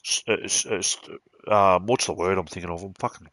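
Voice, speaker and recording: A man's voice: sits low, fairly even intonation, brisk, fairly bright tone, no echo. An Australian man streaming a game, ranting bluntly and swearing as he talks. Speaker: gaming streamer. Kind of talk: casual ranting while playing.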